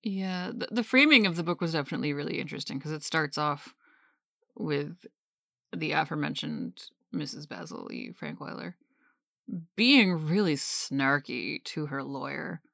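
A woman in her thirties co-hosts a book podcast, chatting casually and animatedly acting out quotes in a higher voice. Her voice is creaky and moves at a moderate pace. The recording is studio quality with no echo.

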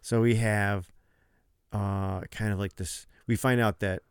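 A man with a lowish, smooth voice talks through a movie in loose, rambling casual chat, full of "like" and restarts. The sound is dry and close. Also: fairly even intonation, slow pace, no room sound. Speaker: podcast co-host.

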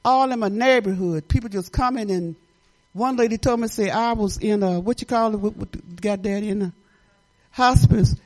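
A woman's voice: medium pitch, moderate pace, darkish tone. An older woman giving a rambling, chatty testimony at church, often laughing and restarting her sentences.

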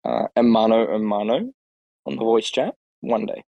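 A man who has lost his voice, talking in a hoarse way and joking in a casual chat. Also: fairly low pitch, expressive, moderate pace, mellow, no echo, lo-fi sound. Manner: joking, teasing.

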